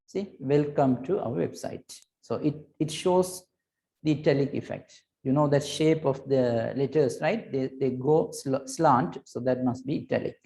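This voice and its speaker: A man's voice: medium pitch, unhurried, vocal fry, mellow. A man teaching a recorded computer lesson, explaining patiently and repeating himself, often checking in with "right?" and "okay.".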